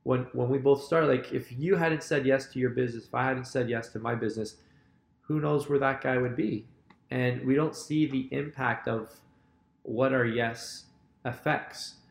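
A man's voice: mid-range voice, steady tone, normal speed, creaky. A man hosting a podcast, speaking earnestly and reflectively in casual conversation. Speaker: podcast host. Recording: roomy echo.

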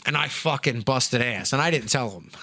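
A man's voice: medium pitch, animated, normal speed, pushed and bright. A man telling crude stories in a casual, profane chat, laughing through them and leaning on "dude" and "right?". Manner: laughs through his own stories, heavy swearing. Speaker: podcast host telling stories.

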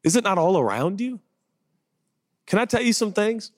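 A man preaching a conversational sermon, telling personal stories in a chatty, animated way and building to excited rhetorical questions. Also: high voice, normal speed, no room sound. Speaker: pastor.

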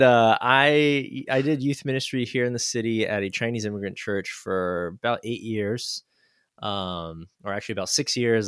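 A man's voice: fairly low pitch, fairly bright tone, clean tone, no room sound, clean studio sound. A man, an associate pastor, chatting playfully as a podcast guest. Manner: playful, quick to laugh. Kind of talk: casual interview chat.

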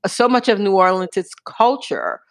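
A woman novelist speaking thoughtfully and at a measured pace about her research, often chiming in with agreement. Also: medium pitch, expressive, no echo. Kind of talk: casual conversation about writing.

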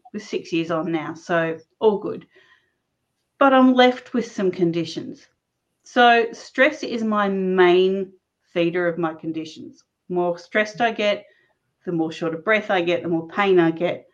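A woman guest telling a personal story in a casual, animated way, often laughing mid-sentence. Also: on the low side. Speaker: interview guest. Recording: dull lo-fi sound.

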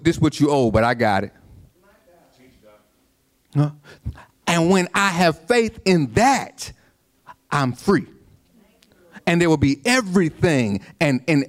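A male pastor, preaching in a loose, conversational way full of restarts and asides to the room. His voice sits somewhat high and swings widely in pitch. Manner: conversational, repetitive restarts, call-and-response asides. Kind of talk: sermon.

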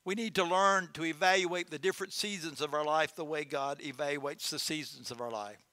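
Brief: male pastor, bright, high voice, earnest sermon delivery with folksy storytelling. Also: brisk, no room sound. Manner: earnest, repeats phrases, tells folksy stories. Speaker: lead pastor.

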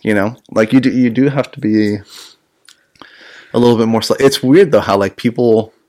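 A man's voice: mid-range voice, moderate pace, darkish tone. A man hosting a casual podcast chat as a jiu-jitsu instructor, rambling, swearing and laughing often.

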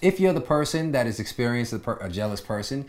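A man hosting a relaxed relationship talk show. He chats easily with his guest, agrees often and sums up with calm advice. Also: mid-range voice, quick pace. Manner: relaxed, advice-giving, with lots of agreeing "yeah". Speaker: podcast host. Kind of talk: casual chat.

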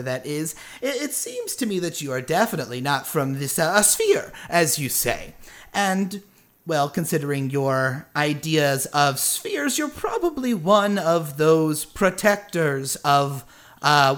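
Guy doing a fancy pompous traveler voice, higher pitched, all flowery and polite. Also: a bit bright. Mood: musing. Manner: florid, formal, drawn-out speech. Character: pompous genteel male interdimensional traveler.

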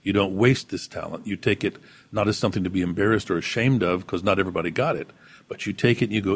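A man, an actor being interviewed, speaking in a relaxed, thoughtful storytelling way with some fillers. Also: deep voice, quick pace, husky. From Texas, US.

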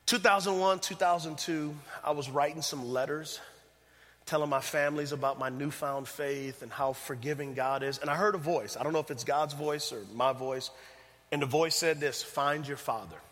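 Passionate preacher in a reverberant hall. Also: male voice, a little high, moderate pace. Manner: emphatic preaching, swinging from loud to hushed; addresses the congregation directly. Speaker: pastor. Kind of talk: sermon.

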